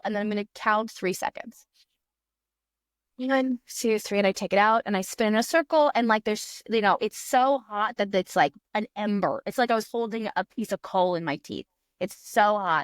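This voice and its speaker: A woman in her thirties, a magician guest on a podcast, telling an animated story and acting out her own past thoughts in quick voices. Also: mid-range voice, no room sound, clean studio sound. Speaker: guest magician and fire eater.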